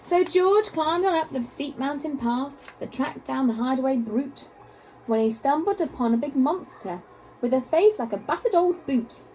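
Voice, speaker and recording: A woman teacher reading a rhyming picture book aloud, expressive and rhythmic. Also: high voice, moderate pace, low-quality recording.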